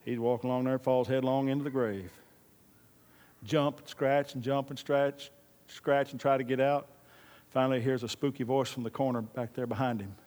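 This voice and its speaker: A man's voice: mid-range voice, flat delivery, normal speed, a little mellow. A man preaching a sermon as pastor, emphatic and repeating his key lines, with folksy storytelling. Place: church. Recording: long reverb of a large hall.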